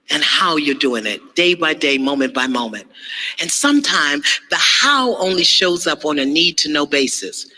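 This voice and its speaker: High-pitched, fired-up preaching man. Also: slight background noise, low-quality recording. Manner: animated, call-and-response, acts out voices. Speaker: motivational speaker. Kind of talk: inspirational preaching.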